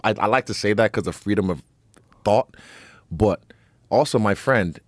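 A man's voice: lowish voice, moderate pace, no room sound. A man telling a story as a guest in casual podcast chat, swearing freely and acting out others' lines.

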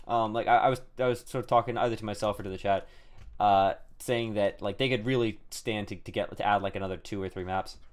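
A man's voice: on the low side, steady tone, fast. A young man hosting a casual gaming stream, rambling with many restarts while greeting his chat. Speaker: streamer host.

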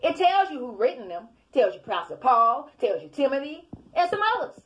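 A woman's voice: high voice, sing-song, fairly quick, hardly any pauses, lo-fi sound. A woman preaching in a fiery, scolding rant at her online commenters, repeating her points. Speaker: self-styled preacher.

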